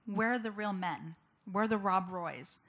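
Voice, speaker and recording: A woman's voice: mid-range voice, normal speed, fairly bright tone. A woman giving a personal testimony as a public speaker, telling her story candidly and conversationally with many casual fillers.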